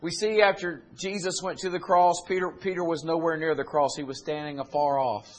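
Guy preaching, voice sits up high, folksy storytelling that climbs into loud exhortation. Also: fairly even intonation, brisk. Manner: retells scripture in plain folksy speech. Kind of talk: sermon.

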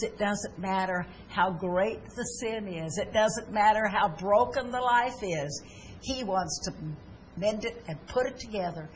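A woman's voice: on the low side, slight background noise, low-quality recording. A woman pastor preaching a sermon in a church, earnest and leading a prayer, with many fillers and restarts.

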